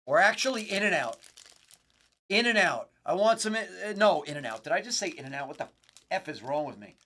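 Joking card-break host, mournful. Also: male voice, sing-song, moderate pace. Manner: mournful and joking, swinging from low mutters to loud food cravings. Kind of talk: casual live card-break chat.

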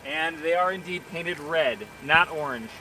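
A talkative car reviewer hosts a live Q&A, giving frank opinions in a casual live-stream chat, opinionated and full of fillers. His slightly high voice moves at a measured pace and sounds pushed and bright. He stands outdoors by a car, a little distant from his phone camera mic, with clear background noise around him.

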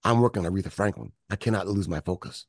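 A low-voiced Michigan man, a music producer, speaks fast as an interview guest, telling stories and animatedly imitating those he quotes. The audio is clean studio sound without echo.

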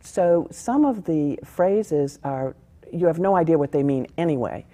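A woman actor answering interview questions in a friendly, measured way. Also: low voice, expressive, mellow. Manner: friendly, measured, chuckles at herself. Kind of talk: casual interview.

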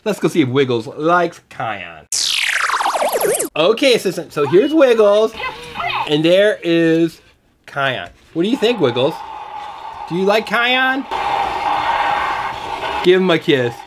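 A woman's voice: fairly low pitch, sing-song, takes it slowly, pauses often, very noisy. A woman hosting a toy review, playfully coaxing a child and talking to viewers at home. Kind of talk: toy demo for kids on camera.

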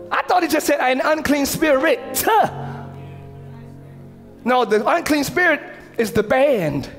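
A man preaching a sermon as pastor in a church, animated, with slangy asides and sudden shouted passages. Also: very high voice, slow pace, gravelly, pauses often, faint music behind. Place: church sanctuary.

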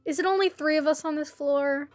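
A woman's voice: sits high, fairly even intonation, brisk, no room sound, soft background music. A woman livestreaming a game, chatting casually and playfully pleading with other players. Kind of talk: casual gameplay livestream chat.

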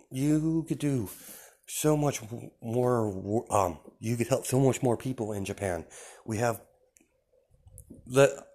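A young man improvising a fan story aloud, rambling and halting with many fillers and restarts. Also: lowish voice.

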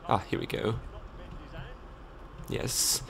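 A man's voice: very slow, a crowd in the background. A man giving jokey, sweary live gameplay commentary. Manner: sweary, jokey, reacting aloud.

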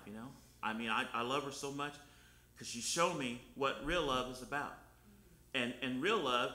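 A man's voice: medium pitch, bright, forceful tone. A man preaching a sermon, telling folksy personal stories in plain, colloquial speech. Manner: folksy storytelling, colloquial grammar. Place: church sanctuary. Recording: echoey church room.

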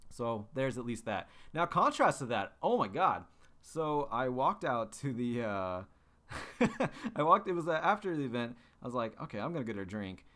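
A man's voice: medium pitch, very animated, unhurried, fairly bright tone. A young man hosting a podcast, telling stories in a loose, rambling way full of fillers and restarts. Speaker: podcast host. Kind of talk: casual monologue.

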